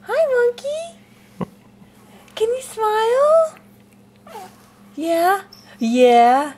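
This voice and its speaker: Woman doing super high sing-song baby talk, really slow and drawn out. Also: huge pitch swings, darkish tone. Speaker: parent filming an infant.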